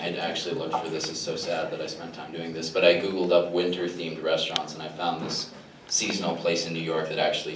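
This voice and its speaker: A young man with a low, fairly bright voice performs a self-deprecating stand-up set for a live crowd, often chuckling at his own jokes. A distant mic gives a roomy live recording with room noise.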